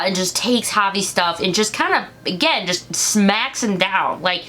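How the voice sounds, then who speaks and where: A woman recapping a TV episode in a casual, jokey way, sometimes acting out lines in quick voices. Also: medium pitch, very animated, pushed and bright. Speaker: show reviewer.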